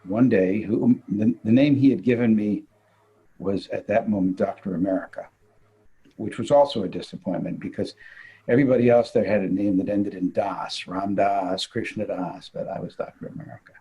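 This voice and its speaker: An older man, a physician, telling an animated anecdote in conversation and laughing as he goes. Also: fairly low pitch, normal speed, slightly rough, dull audio. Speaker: guest physician. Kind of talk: storytelling in conversation.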